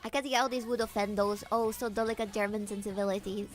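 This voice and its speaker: A woman streamer chatting casually with her viewers, animated, laughing often and swearing freely, with faint guitar music behind. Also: medium pitch, fast talker. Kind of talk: casual livestream chat.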